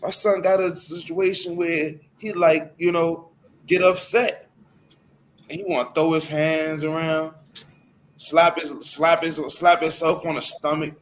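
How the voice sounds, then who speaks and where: A man's voice: a little high, level tone, a little slow. A man leading a casual scripture discussion, loose and emphatic, peppering his speech with "hey" and "man". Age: adult. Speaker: class speaker.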